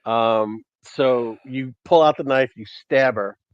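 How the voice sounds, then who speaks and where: A male game master narrates a tabletop horror game in a mid-pitched voice, pausing often on ums as he describes the action. The recording sounds dull and dry, with no room around him. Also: dry recording. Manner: halting narration with many ums.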